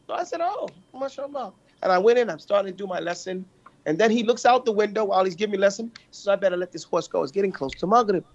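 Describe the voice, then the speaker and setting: Man teaching, stopping to check in. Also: high voice. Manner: storytelling, checks in with listeners often. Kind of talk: lesson commenting on a classical text. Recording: muffled lo-fi recording.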